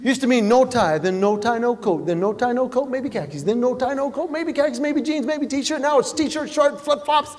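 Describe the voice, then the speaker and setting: A male comedian doing stand-up, telling stories in an animated way and acting out voices. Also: very high-pitched, normal speed, few pauses. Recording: long hall reverb, faint background noise.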